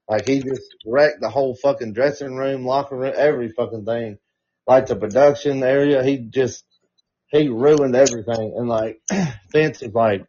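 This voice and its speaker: A husky man talks through a wrestling podcast in a rambling, profane way, stacking fillers as he tells a story. His voice sits at an ordinary pitch. The audio is dull and lo-fi. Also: warm tone. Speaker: podcast co-host. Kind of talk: casual wrestling chat.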